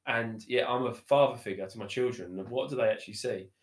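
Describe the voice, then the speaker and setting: A fast-talking man with a medium-pitched voice tells his story as a podcast guest, chatty and rambling, repeating himself and using lots of fillers such as "you know" and "literally." The recording has a roomy echo.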